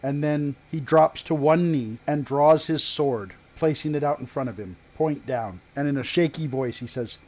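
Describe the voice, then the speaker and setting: Measured male game master narrating. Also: on the high side, a little mellow. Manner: halting, measured narration with pauses and restarts.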